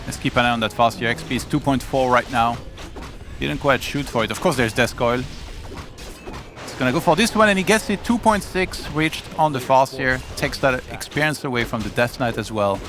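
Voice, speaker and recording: A man doing live commentary on a strategy game match, getting excited on big plays. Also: mid-range voice, normal speed, over music. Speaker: esports commentator. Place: event studio.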